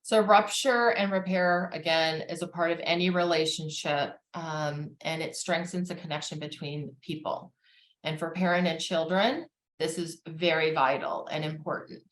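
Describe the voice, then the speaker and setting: A woman therapist giving a calm, measured educational talk on family relationships, with frequent fillers. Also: deep voice, reverberant.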